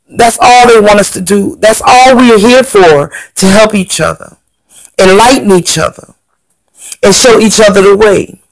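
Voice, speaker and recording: A woman's voice: medium pitch, gravelly, no echo, low-quality recording. A woman earnestly telling viewers a personal story, repeating phrases and speaking to them directly. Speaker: storyteller recounting a near-death experience.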